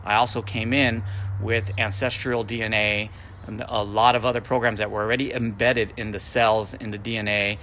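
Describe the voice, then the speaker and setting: Man in his forties, deep-ish voice, spiritual teaching monologue, repeats affirmations, faint traffic hum behind. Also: flat delivery, normal speed, pushed and bright. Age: 40s. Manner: repetitive, affirmation-like phrasing.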